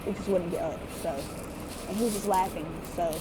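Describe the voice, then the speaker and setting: A woman's voice: lowish voice, brisk, very noisy. A young adult woman vlogger telling a story in a casual, rambling way, full of fillers. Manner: rambling, animated, with many fillers.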